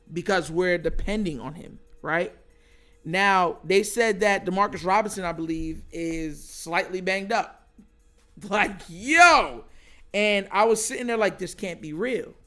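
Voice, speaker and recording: A man hosting a casual sports commentary show, excitable and animated, laughing often. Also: high-pitched.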